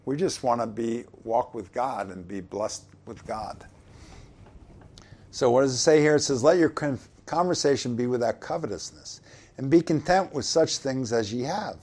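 A man delivers a sermon at a middle pitch, moving between scripture readings and plain talk. His manner is conversational, and he often turns to his listeners with questions. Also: normal speed, a little mellow, breathy edge. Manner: conversational, asks the congregation questions. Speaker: preacher.

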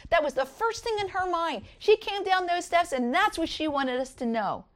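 A woman's voice: animated, normal speed, a bit bright. A middle-aged woman giving an earnest Easter devotional talk, reading scripture and telling personal stories. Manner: earnest, rises high when voicing others.

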